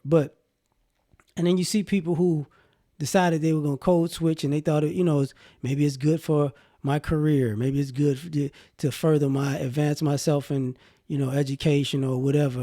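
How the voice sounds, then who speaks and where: Gravelly Southern man rambling on. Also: on the high side, mellow. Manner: rambling, conversational, many fillers. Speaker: vlogger. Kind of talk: casual opinion monologue.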